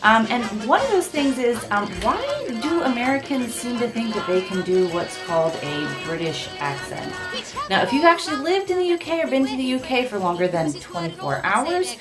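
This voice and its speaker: A woman's voice: fairly high pitch, sing-song, normal speed, music in the background. A woman hosting a casual vlog, talking to camera in a chatty, wry, explanatory way. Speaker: founder and director of an education consultancy, vlog host.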